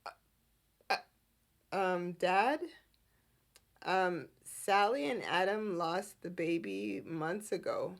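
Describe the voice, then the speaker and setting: A woman's voice: lowish voice, creaky, pitched below the performer's own voice. A woman voicing a cautious grown son who stammers and hesitates as he corrects his father. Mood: hesitant. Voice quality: halting, stammering.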